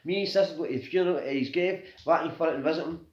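A man's voice: on the high side, very fast. A Scottish man in his thirties telling a painful personal story, raw and grieving, swearing often and tagging "right?" onto nearly every sentence. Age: 30s. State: grieving and agitated. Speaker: vlogger. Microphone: phone. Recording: echoey room, dull lo-fi phone audio.

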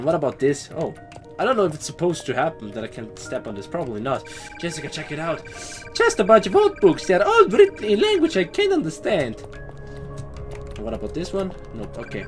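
A young man giving let's play commentary on a horror game, animated, shouting and swearing when scared. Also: fairly high pitch. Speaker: gaming YouTuber.

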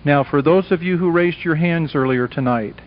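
A man with a fairly high voice delivers an evangelistic lecture to a live audience, emphatic and dramatic. He slips into the voices of characters as he tells a story. The sound is a dull, lo-fi old tape recording. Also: moderate pace. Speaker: Christian speaker. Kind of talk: evangelistic lecture with acted dialogue.

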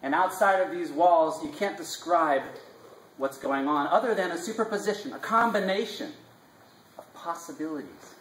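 A man giving an impassioned, inspirational live talk, emphatic with drawn-out phrasing, recorded from a distance in a live salon room. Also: fairly high pitch, fairly bright tone, reverberant, slight background noise. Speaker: speaker presenting his class.

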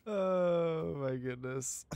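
A man's voice: fairly high pitch, very slow, gravelly, a little mellow, no echo. A man streaming a video game live, chatting casually, laughing often and swearing loosely. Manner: laughs a lot, loose and profane. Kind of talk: casual live gameplay commentary.

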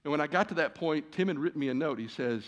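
A man preaching as a guest in a church, telling a personal story with lively, acted-out dialogue. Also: fairly high pitch, quick pace. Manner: animated, acts out quoted conversations. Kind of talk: storytelling sermon. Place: church sanctuary.

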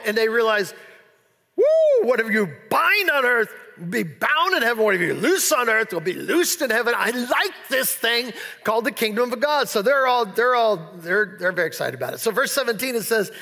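Guy preaching in a big church hall, high bright voice, playful and animated, long echo. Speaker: pastor. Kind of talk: sermon.

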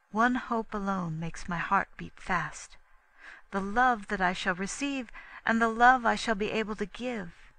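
A woman voicing a gentle, devout young nun in an audiobook, speaking softly and slowly with reverence. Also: a little high, no room sound, low-quality recording. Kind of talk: audiobook reading.

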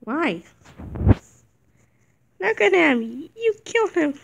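Shrill scolding toy engine, voiced by a woman. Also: big pitch swings, slow, vocal fry, fairly bright tone, exaggerated voice. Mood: accusing. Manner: shrill and accusing. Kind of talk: toy play-acting with voices.

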